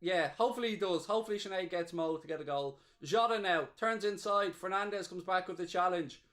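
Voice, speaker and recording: High-voiced excitable male fan host. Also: brisk. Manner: excitable, cheering and gloating, reading chat aloud. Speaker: watchalong host. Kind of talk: live match watchalong commentary.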